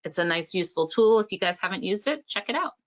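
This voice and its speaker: A woman presenting software features in a casual walkthrough, hesitant with frequent ums. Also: mid-range voice, lively intonation, fast talker. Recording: dull lo-fi sound.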